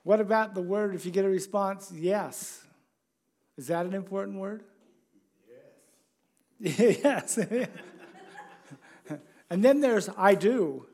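High-voiced man preaching a sermon. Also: takes it slowly, pauses often, darkish tone. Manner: conversational, chuckling, asks the congregation questions.

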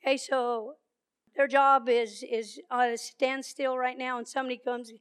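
Woman preacher, high voice, storytelling sermon with emphatic repetition. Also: little pitch movement, normal speed, clear, resonant tone.

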